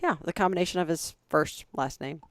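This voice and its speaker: A woman co-hosting a podcast, chatting casually and teasing her co-host with quick interjections. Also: on the low side, no room sound, clean studio sound. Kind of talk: casual chat.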